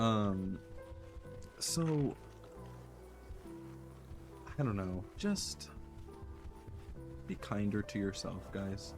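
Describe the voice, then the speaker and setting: Soft-spoken low-voiced man musing while gaming. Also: expressive, takes it slowly, long pauses, music in the background. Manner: soft, earnest, rambling with many fillers and restarts. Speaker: gaming streamer. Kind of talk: reflective casual chat while playing.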